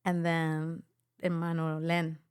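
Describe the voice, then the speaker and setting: Woman telling an animated personal testimony. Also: sits low, slow pace, smooth, no echo, clean studio sound. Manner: animated storytelling, acts out quoted voices. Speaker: podcast guest.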